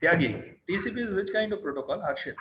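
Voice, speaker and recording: Brief: Indian-accented male teacher, higher voice, sternly quizzing his class, over roomy, dull online call audio with faint hiss. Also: lively intonation, fast talker. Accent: Indian English. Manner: quizzes students by name, keeps asking "right?"; stern, scolds students on tone.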